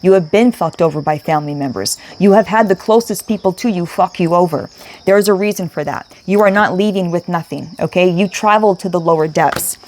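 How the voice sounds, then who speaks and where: A woman's voice: lowish voice, fairly quick, a little mellow. A woman giving an emotional spiritual tarot reading, speaking emphatically, repeating herself and swearing casually. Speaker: tarot reader.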